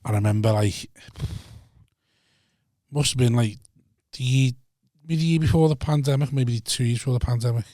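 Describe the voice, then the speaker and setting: A man's voice: medium pitch, normal speed, long pauses, dark tone, no room sound, clean studio sound. A man with a Liverpool accent, a podcast guest telling laid-back stories in casual chat and swearing freely.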